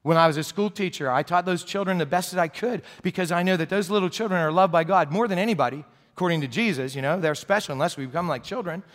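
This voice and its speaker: A middle-aged pastor from New Jersey, US, talks fast in a high-pitched voice with few pauses, spinning chatty, joking stories during his sermon. Recorded in a church sanctuary, the sound has long hall reverb.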